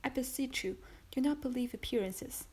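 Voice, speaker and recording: A woman's voice: sits high, moderate pace, mellow, slightly rough. Casting: woman reading a frightened, pleading wife, stammering, audiobook.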